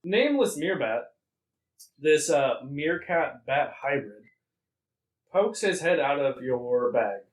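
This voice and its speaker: A man's voice: on the high side, sing-song, slow, rough recording. Casual laughing male game master. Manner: casual, laughing often, thinks aloud with fillers. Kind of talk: narrating a tabletop game.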